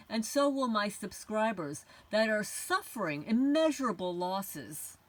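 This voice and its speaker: A woman's voice: mid-range voice, no room sound. A middle-aged woman hosting a homesteading channel, delivering an indignant, confrontational rant aimed at unseen tormentors. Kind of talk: ranting monologue to camera.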